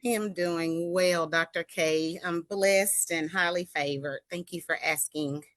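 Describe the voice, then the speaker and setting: An older woman answers interview questions over a video call. She speaks in a composed, earnest and measured way. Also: lowish voice, no echo. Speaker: guest, foundation founder.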